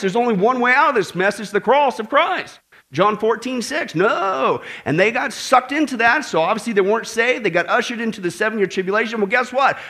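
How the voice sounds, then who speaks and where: Speaking to his congregation, this man keeps the sermon animated and conversational, regularly checking in with "okay?" and slipping in humor. His voice sits high.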